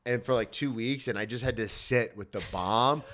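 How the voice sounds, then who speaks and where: A man in his thirties, a comedian hosting a podcast, chatting casually, swearing freely and acting out quotes loudly. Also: mid-range voice, moderate pace. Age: 30s. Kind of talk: casual chat.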